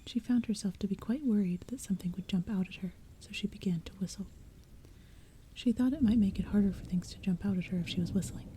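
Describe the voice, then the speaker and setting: Whispered role-play: woman softly reading, dark tone. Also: medium pitch, slight background noise. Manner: soft unvoiced whisper, slow and hushed. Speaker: ASMR audiobook reader. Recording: faint rain sounds behind. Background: soft rain and thunder.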